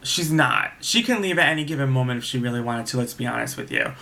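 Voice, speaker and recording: A young man with a bright, forward voice rambles through a casual storytime, doubling back on himself as he goes. He sounds exasperated, venting more than narrating. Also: medium pitch, animated, fast talker, vocal fry. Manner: rambling, with frequent restarts and asides. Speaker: vlogger.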